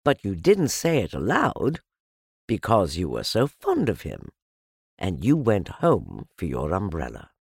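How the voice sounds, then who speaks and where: Slow, gravelly storybook narrator, a man. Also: low-pitched, huge pitch swings, no echo, studio quality. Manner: slow, deliberate, softly lilting. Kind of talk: storybook reading.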